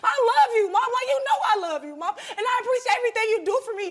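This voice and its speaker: A woman's voice: very high voice, expressive, rapid-fire, few pauses. A young woman on a talk show speaking bluntly and heatedly, repeating herself. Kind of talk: emotional confrontation.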